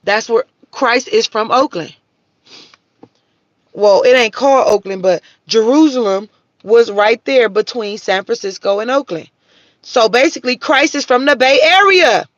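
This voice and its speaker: A livestream host with a voice on the high side talks at a measured pace, bluntly and profanely, answering viewers' comments in a preachy, casual rant. The sound is lo-fi with no room sound.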